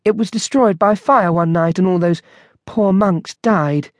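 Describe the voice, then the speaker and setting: A man voicing a chatty middle-aged wife, talking in a brisk, gossipy way. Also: sits high, dry recording, studio quality, pitched above the performer's own voice.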